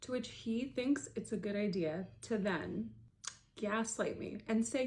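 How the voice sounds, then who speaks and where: A young woman telling a storytime vlog, dramatic and fast, dropping into hushed asides. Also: medium pitch. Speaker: vlogger. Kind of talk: storytime narration.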